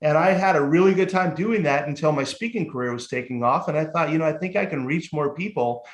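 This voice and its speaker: A man's voice: a little high, fast talker. Candid man telling his story, echoey room. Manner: lively and candid, casual swearing. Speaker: guest, motivational speaker and life coach. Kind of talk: storytelling in a casual podcast interview.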